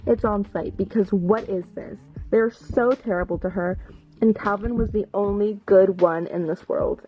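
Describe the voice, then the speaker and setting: A young woman vlogging casual reactions while reading, ranting in an animated, exasperated way. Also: mid-range voice. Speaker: book vlogger.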